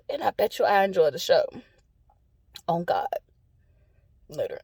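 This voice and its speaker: A woman's voice: on the low side, sing-song, moderate pace, mellow, slightly rough, dry recording. A woman venting bluntly and profanely to her phone camera from a parked car, laughing often between lines. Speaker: vlogger. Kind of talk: casual rant to camera.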